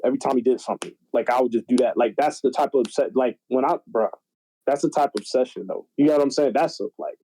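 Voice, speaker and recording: A young man in casual podcast chat, telling stories in an animated, slangy, profane way. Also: medium pitch, fast, rough recording. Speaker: podcast guest.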